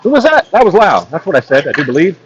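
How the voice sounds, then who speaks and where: A man doing solo play-by-play of a ball hockey game, joking with chat between plays and rising in excitement on big plays. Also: high voice, fast, highs cut off, a little hiss or hum. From not from Texas. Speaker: play-by-play commentator. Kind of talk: solo live sports commentary with chat asides.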